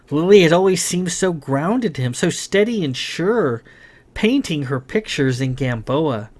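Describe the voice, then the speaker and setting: A man reading his science fiction novel aloud in a dramatic, expressive narration. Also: mid-range voice. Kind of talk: scripted audiobook narration.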